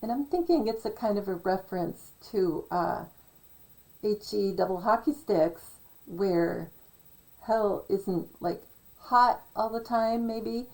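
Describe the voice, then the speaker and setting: Slow, gravelly-voiced rambling woman. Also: medium pitch, a little mellow, poor audio. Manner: slow, meandering, musing aloud with frequent fillers. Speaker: video commentator. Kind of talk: casual rambling monologue.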